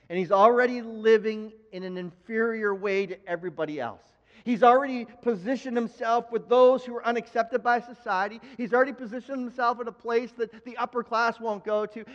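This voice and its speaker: High-pitched preacher guy giving an animated sermon, muffled sound, big echoey church. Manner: animated, acts out Bible figures in quick asides. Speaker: pastor. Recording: dull sound with long hall reverb.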